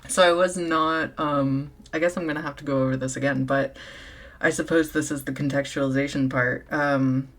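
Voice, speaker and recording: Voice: medium pitch, steady tone, moderate pace, a bit bright. A speaker giving casual, earnest commentary and reflecting aloud between passages of a reading.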